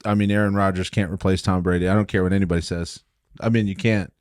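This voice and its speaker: Lower-voiced man in casual sports chat. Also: fast talker, no room sound, clean studio sound. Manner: swears freely, laughs often, gets loud when excited. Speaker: podcast co-host.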